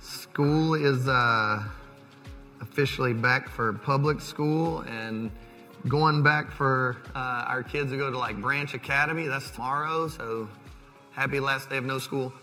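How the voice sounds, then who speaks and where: A man in his thirties preaching a sermon as pastor, in a relaxed, conversational way with fillers and restarts. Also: medium pitch, measured pace, faint music behind. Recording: long hall reverb.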